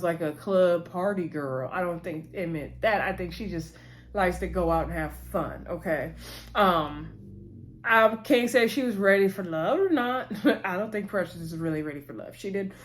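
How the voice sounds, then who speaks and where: A woman hosting her own channel, giving a chatty, opinionated recap of a reality show with frequent asides to her viewers. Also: medium pitch. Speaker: channel host. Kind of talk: casual reality-TV recap commentary.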